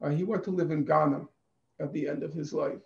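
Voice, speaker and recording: A man giving a deliberate, emphatic conference talk over a video call, repeating phrases for stress. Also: a little high, fairly even intonation, creaky, darkish tone. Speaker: conference speaker. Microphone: computer mic on a video call. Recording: echoey, dull video-call audio.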